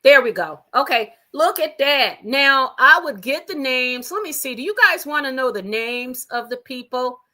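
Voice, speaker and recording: A woman's voice: high-pitched, lively intonation, moderate pace, few pauses, pushed and bright. A woman hosting a casual gossip livestream from her own room at home, talking chattily and straight to her viewers. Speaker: livestream host.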